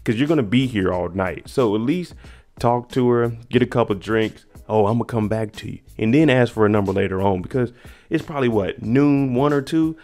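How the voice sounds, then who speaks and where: A man hosting a casual reaction talk, chatting in a relaxed, slangy way and giving dating advice to the guys. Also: medium pitch, moderate pace. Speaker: reality show reaction host.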